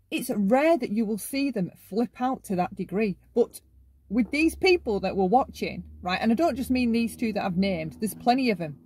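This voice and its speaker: A woman's voice: fairly high pitch, darkish tone, breathy edge, dry recording. A woman hosting a casual commentary monologue, often ending her points with "right?". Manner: talks in long runs, ends many lines with "right?". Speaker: commentary channel host.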